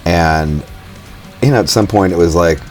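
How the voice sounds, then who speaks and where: A very deep-voiced American man talks loosely about his songwriting, rambling and now and then cursing in passing. Faint music runs underneath him throughout. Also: normal speed, a little mellow. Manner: loose, rambling, swears casually. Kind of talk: casual interview talk.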